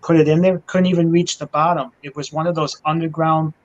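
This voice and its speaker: A man with a somewhat high voice chats casually, stumbling over his words and circling back to restart his sentences. His delivery is loose and conversational. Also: level tone, a little fast, dull audio. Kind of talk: casual chat.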